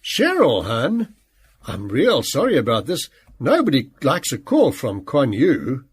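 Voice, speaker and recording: A man's voice: medium pitch, wildly swooping pitch, a little slow, slightly rough, full character voice. A man voicing a chatty middle-aged woman storage clerk with a slight twang, folksy and full of endearments. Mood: sympathetic. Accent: slight Western twang. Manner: folksy, calls everyone hon and darling.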